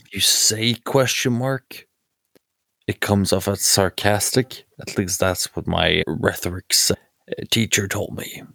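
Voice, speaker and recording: A man with a very low voice playing a tabletop game, asking goofy questions in a deadpan way. He is recorded close in a dry room. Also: takes it slowly, vocal fry, no room sound. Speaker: player. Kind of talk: in-character tabletop play.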